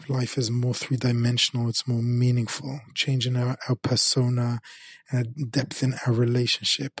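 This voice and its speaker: A man's voice: medium pitch, vocal fry, darkish tone, breathy edge, no echo. A middle-aged man giving an earnest Torah talk as a rabbi, repeating phrases for emphasis. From England.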